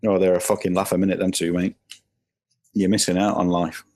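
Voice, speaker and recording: A man's voice: sits low, little pitch movement, fairly quick, a little mellow, rough recording. A British man as a podcast guest, teasing and sarcastic in casual banter and swearing a lot.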